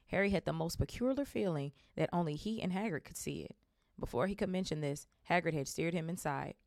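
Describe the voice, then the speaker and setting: A woman's voice: sits low, darkish tone, no room sound, clean studio sound. A woman hosting a podcast, reading a novel aloud with casual, amused asides. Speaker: podcast host.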